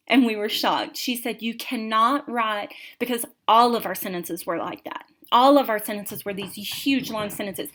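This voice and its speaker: A woman in her twenties or thirties giving a recorded college writing lecture, reading example passages aloud with expressive rhythm and emphasis. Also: medium pitch.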